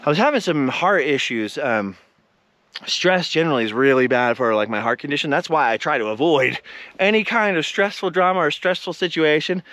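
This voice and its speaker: Winded middle-aged guy rambling to a handheld camera outdoors, kinda high voice. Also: fairly quick, dry recording. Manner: rambling, chatty, animated. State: out of breath. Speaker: vlogger. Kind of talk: casual vlog talk while hiking. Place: outdoors at a desert mine ruin.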